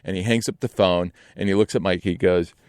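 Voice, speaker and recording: A young adult man telling a casual story in an animated way, acting out other people's lines. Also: sits low, brisk, clean tone, no room sound, studio quality.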